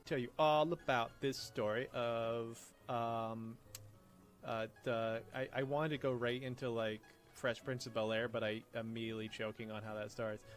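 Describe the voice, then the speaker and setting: A man's voice: mid-range voice, little pitch movement, normal speed, faint music behind. A man hosting a game stream, joking crudely and rambling between laughs in casual commentary.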